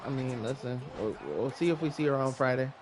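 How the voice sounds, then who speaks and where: A man co-hosting a casual wrestling podcast, easygoing and quick to laugh. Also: medium pitch, a little mellow. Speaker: podcast co-host.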